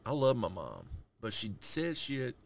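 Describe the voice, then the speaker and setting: A man in his thirties co-hosting a podcast, chatting casually with lots of slang and swearing, telling animated stories. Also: medium pitch, measured pace, creaky. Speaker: podcast co-host. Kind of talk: casual chat.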